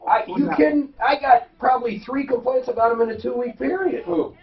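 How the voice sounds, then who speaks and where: A man's voice: very high voice, fast, distant mic, dull audio. A man hosting a radio show, talking bluntly and joking with guests in casual studio chat.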